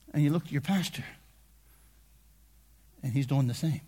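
A man preaching a sermon in a conversational way, dropping to hushed asides and rising to shouted emphasis. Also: on the high side, fairly quick, long pauses, husky, big-room sound. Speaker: pastor.

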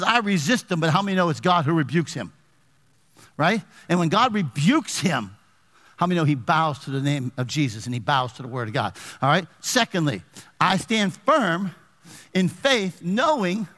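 A man's voice: on the high side, long reverb tail. A male pastor preaching a sermon, reading scripture and asking the congregation questions. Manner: animated preaching with call-and-response questions to the congregation. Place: church sanctuary.

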